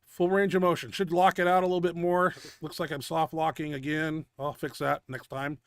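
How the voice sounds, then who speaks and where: Gravelly, winded lifting show host. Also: male voice, fairly high pitch, level tone, normal speed, a bit bright, no room sound, studio quality. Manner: blunt, profane gym talk. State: winded and out of breath. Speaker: host of a powerlifting video show. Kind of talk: casual commentary over lifting videos.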